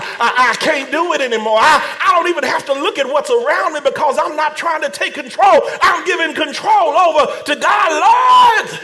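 A man's voice: extremely high pitch, pushed and bright. A man preaching a fervent sermon, stammering repeated words and calling on the congregation to answer back.

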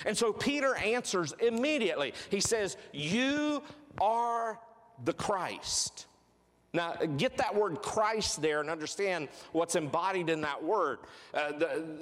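A man delivering a sermon in a voice pitched a little above the usual male range. He preaches earnestly, drawing out key phrases and repeating them for weight. His words ring out with a long reverb, as if in a large hall. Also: a bit bright. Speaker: pastor.

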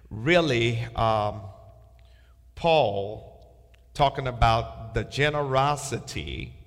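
A man with a fairly low voice teaches through a Bible passage verse by verse. He reads each line and then tells the class what to underline, circle or highlight. His voice rings out with a long hall reverb. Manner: reads scripture aloud with marking instructions. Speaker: pastor.

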